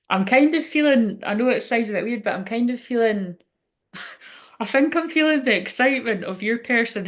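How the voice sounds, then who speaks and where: A woman hosting a psychic livestream from home, chatting loosely and emotionally, swearing often and trailing off mid-sentence. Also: medium pitch. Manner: rambling, emotional, swears freely, frequent laughs. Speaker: psychic medium livestream host. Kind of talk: casual livestream chat.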